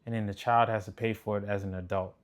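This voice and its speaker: A man's voice: lowish voice, level tone, quick pace. Blunt male relationship commentator. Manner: blunt, preachy, profane. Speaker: relationship commentator reacting to clips. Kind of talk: casual commentary.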